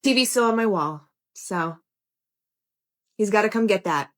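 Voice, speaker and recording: A young woman tells a bad-date story in a casual storytime voice. She sounds blunt and fed up, and she swears freely. Her pitch sits in the middle of the usual range. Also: expressive, measured pace. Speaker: storyteller in a played clip.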